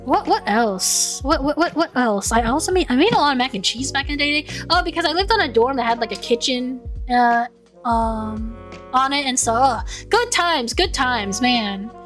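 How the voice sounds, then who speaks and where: A woman's voice: high voice, moderate pace, a bit bright, faint music behind. A young woman streaming casual chat, stumbling over and repeating her words and laughing often. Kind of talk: casual chat, reading out chat messages.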